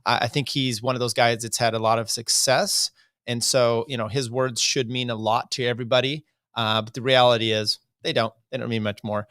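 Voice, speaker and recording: A man's voice: medium pitch, fairly even intonation, fairly quick, fairly bright tone, no room sound, clean studio sound. A man hosting a podcast, giving casual, rambling commentary with a wry edge. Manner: rambling, many fillers and restarts, wry. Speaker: podcast host.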